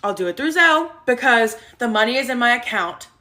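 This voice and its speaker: A woman vlogging an animated storytime, retelling events with exasperation and quoting herself. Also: a little high, brisk. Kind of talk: storytime vlog.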